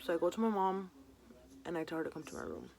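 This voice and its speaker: A woman's voice: fairly low pitch, wildly swooping pitch, vocal fry, a little mellow. A young woman vlogger telling a personal story in casual chat, saying "like" constantly and dropping in Spanish words. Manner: chatty, fills every pause with "like"; mixes Spanish words into her talk.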